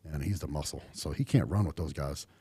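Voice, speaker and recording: A man's voice: a bass voice, a little fast, mellow, breathy edge, no room sound. A middle-aged man from Texas, a podcast guest talking casually with a laid-back drawl and lots of fillers. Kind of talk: casual interview chat.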